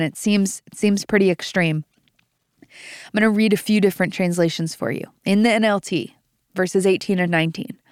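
A woman's voice: on the low side, darkish tone, clear, resonant tone, no echo, studio quality. A young adult woman hosting a devotional podcast, reading scripture aloud and teaching it with earnest emphasis. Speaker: podcast host.

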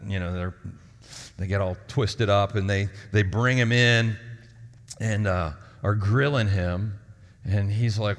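A man's voice: on the low side, steady tone, takes it slowly. A man preaching a sermon as lead pastor, talking in a conversational, storytelling way and acting out the people in his stories. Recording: long hall reverb.

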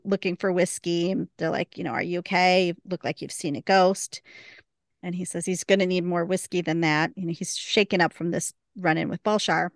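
A woman with a lowish voice chats through a TV episode on a podcast, acting out the characters' lines as she goes. She laughs easily, and her voice sits close and dry on the mic with no room around it. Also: a bit bright, no echo. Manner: retells scenes with quoted lines, laughs often. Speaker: podcast co-host. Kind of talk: casual recap chat.

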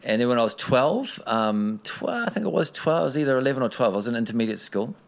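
A man's voice: mid-range voice, animated, quick pace, vocal fry. A man, an interview guest telling a personal story in an earnest, rambling way with many restarts.

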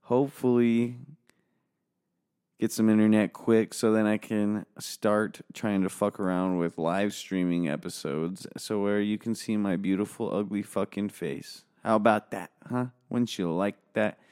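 A man with a fairly low voice and an American accent talks alone into an office microphone. He rambles in a sarcastic, cheerfully profane way, hosting his own podcast as a solo monologue. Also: fairly even intonation, unhurried, darkish tone, smooth. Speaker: podcast host. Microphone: studio microphone.

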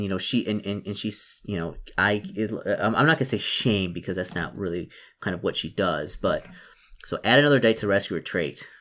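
A man with a slightly low voice narrates his own tabletop role-play, reading out dice totals as he goes. He talks in a halting way, with constant repeats and restarts. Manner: halting, full of repetitions and restarts. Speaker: solo tabletop role-player. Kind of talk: narrating a solo tabletop game with dice rolls.

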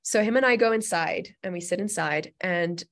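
A woman's voice: on the low side, moderate pace, gravelly, fairly bright tone. A woman telling a personal story as an interview guest, earnest and chatty, with many "like" and "you know" fillers.

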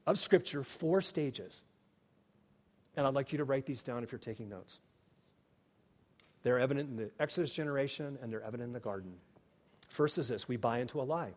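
Man preaching in a reverberant hall. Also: fairly high pitch. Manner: earnest preaching, swings from hushed to emphatic. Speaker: pastor. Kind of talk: sermon.

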